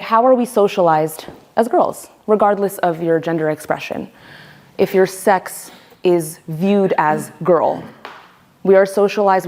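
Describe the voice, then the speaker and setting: A woman's voice: on the low side, a little mellow. A woman leading a voice workshop, speaking emphatically and demonstrating voices as she explains. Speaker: workshop leader. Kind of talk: teaching a voice workshop.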